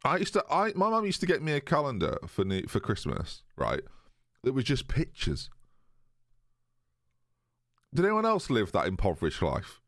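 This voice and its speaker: A man's voice: medium pitch, huge pitch swings, moderate pace, pauses often, fairly bright tone, dry recording. Young guy streaming and chatting, voice bouncing all over, dry close mic. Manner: chatty, jokey, reads chat aloud. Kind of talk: casual live-stream chat with viewers.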